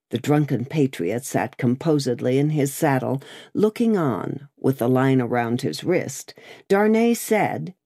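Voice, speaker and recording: A woman narrating an audiobook in a measured, expressive storytelling manner. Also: extremely low pitch, dry recording, studio quality. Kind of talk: scripted narration.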